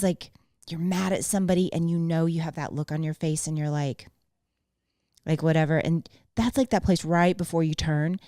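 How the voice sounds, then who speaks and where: A middle-aged woman on a podcast as a guest, chatting frankly and at ease. Her voice sits a bit lower than most women's. The sound is dry and close. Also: warm tone, no echo. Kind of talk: casual chat.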